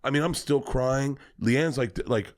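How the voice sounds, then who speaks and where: A comedian on a podcast telling a long personal story in a casual, animated, swearing manner. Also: male voice, mid-range voice, measured pace. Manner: animated, profane, fillers like "like".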